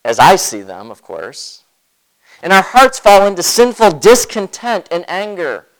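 A man preaching a sermon as pastor, expressive, swinging between loud emphasis and quiet asides, with many rhetorical questions. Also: high voice, unhurried, low-quality recording.

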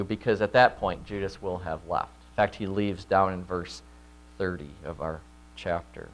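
A man preaching an expository sermon, often checking in with listeners with "right?" and loudly voicing quoted lines. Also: on the low side, normal speed. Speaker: pastor.

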